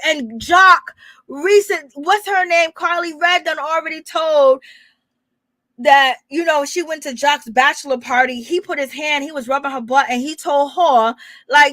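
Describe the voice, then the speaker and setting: A woman's voice: high voice, measured pace, pushed and bright, dry recording. A woman hosting a gossip channel, chatting casually and teasing with frequent laughter. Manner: laughs often, sassy and teasing.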